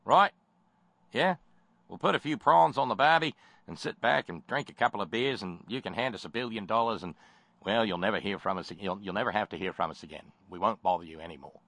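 A man putting on a deliberately bad Australian accent to play a wheedling coal businessman begging for money. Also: lowish voice, a bit bright, dry recording. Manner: smarmy, ingratiating sales patter.

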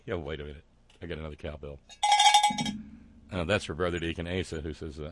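A man hosting a talk show, delivering sardonic, wry commentary with frequent fillers and halting restarts. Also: deep voice, very animated.

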